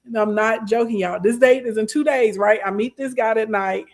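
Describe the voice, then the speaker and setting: A young adult woman, casually telling a story to her live stream chat, sassy and animated. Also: fairly high pitch, normal speed, slight background noise. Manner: animated, sassy, acts out quoted voices.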